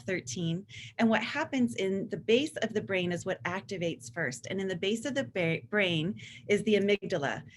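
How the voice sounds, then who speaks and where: An enthusiastic woman in her forties presents to a room of parents, speaking at a medium pitch. She explains like a therapist and lively teaching voice. A faint hum of noise sits under her voice. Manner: warm, enthusiastic, acts out teen voices in quotes. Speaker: therapist and author giving a talk.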